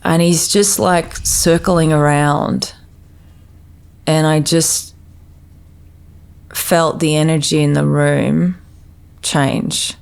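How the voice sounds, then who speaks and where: Woman, podcast guest; deep, fry-edged voice; halting personal storytelling full of restarts. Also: fairly even intonation, a little mellow.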